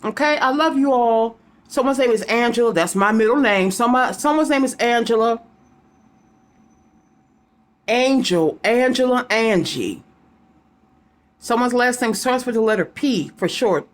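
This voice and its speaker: A woman's voice: fairly high pitch, expressive, unhurried, long pauses. Woman, psychic reader, casual talk, rambling, repeats names and letters. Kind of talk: casual tarot-style reading to viewers.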